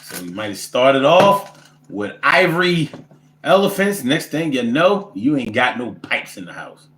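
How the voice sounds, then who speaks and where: A man, telling comic stories and reading viewer comments in a profane, animated, rambling way. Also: mid-range voice, unhurried, reverberant. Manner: animated, profane, rants with repetition. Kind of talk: casual comedic storytelling.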